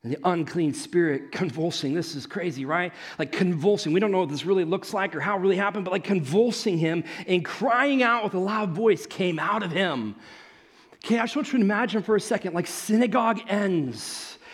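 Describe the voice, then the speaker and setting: Male pastor, high husky voice, lively chatty sermon delivery. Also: brisk. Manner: animated, conversational preaching with asides.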